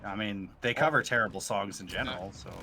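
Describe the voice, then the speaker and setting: A man chatting casually while gaming, laughing a lot and trading quick banter. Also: lowish voice, bright, forceful tone. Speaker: co-player.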